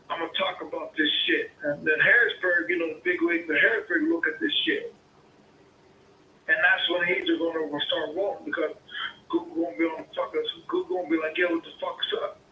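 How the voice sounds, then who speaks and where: Combative profane caller in an echoey room. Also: male voice, on the high side, sharp tone, a little hiss or hum. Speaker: caller, homeowner. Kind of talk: heated phone argument.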